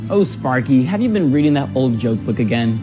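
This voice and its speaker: A man's voice: medium pitch, lively intonation, a little fast, poor audio. A man hosting a scripted children's church program in a cheerful, upbeat way. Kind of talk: scripted kids' show presenting. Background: music.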